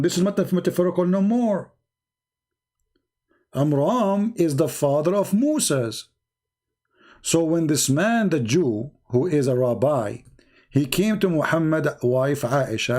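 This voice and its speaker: A man's voice: on the high side, lively intonation, measured pace, darkish tone. Insistent man in a heated debate. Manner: insistent, repeats phrases. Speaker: debate show host.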